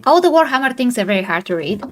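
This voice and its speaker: A woman's voice: a little high, big pitch swings, quick pace. A woman host reading an interview aloud in a playful way, tripping over hard names now and then. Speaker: channel host.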